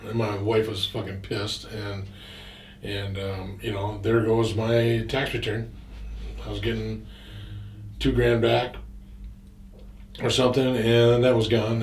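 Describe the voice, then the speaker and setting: A man's voice: on the low side, gravelly, roomy sound, recorded from a distance, slight background noise. A man casually telling a rambling, profane personal story, full of fillers and restarts.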